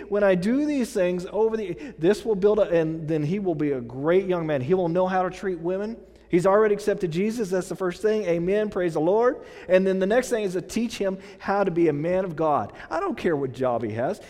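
High-voiced man preaching in a hall. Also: expressive, a little fast, a little mellow. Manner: conversational, repeats phrases, many fillers. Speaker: pastor. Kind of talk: sermon.

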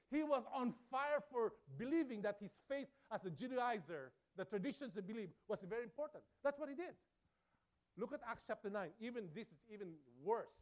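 A man preaching a sermon, emphatic and repetitive, with his volume rising and falling. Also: high voice.

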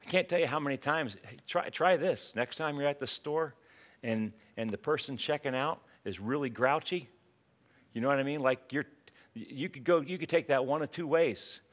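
A man's voice: mid-range voice, moderate pace. A man preaching a sermon in a conversational way, telling a personal story, with frequent restarts. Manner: conversational, anecdotal with many restarts.

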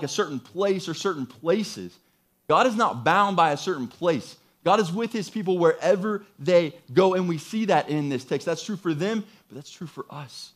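A man preaching a sermon, reading scripture and then explaining it with emphatic, rising passages and repeated phrases. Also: high-pitched. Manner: emphatic, builds to excited peaks with repeated phrases. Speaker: pastor.

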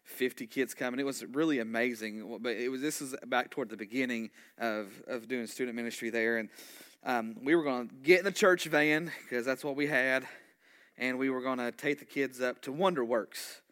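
A man, a pastor telling a story in a sermon, animated and conversational, full of asides. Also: mid-range voice, moderate pace, smooth.

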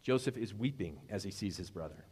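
A man's voice: on the low side, animated, a little fast, a little mellow, husky. A man preaching a sermon in a conversational way, asking his congregation questions as he retells a story. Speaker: pastor. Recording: long hall reverb.

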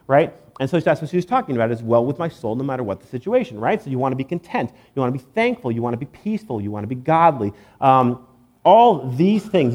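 A man's voice: mid-range voice, darkish tone. A man giving a sermon in church, conversational and joking, with many fillers. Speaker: pastor.

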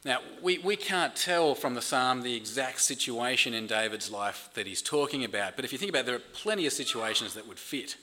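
A man's voice: medium pitch, bright, forceful tone. A man preaching a sermon in an earnest way, often repeating words as he builds emphasis. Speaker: pastor.

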